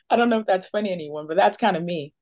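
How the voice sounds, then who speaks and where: A woman's voice: lowish voice, rapid-fire, darkish tone. A woman in her thirties giving candid, self-mocking testimony at a recovery meeting, often laughing at herself. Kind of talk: personal testimony.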